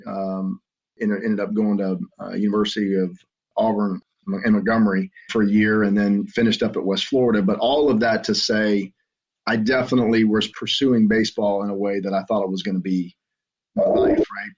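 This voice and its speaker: A middle-aged Southern American man with a somewhat low voice tells his story as a podcast guest. He talks earnestly and haltingly, often restarting his sentences. The audio is muffled and lo-fi. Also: little pitch movement, a little mellow. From Southern United States. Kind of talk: conversational storytelling.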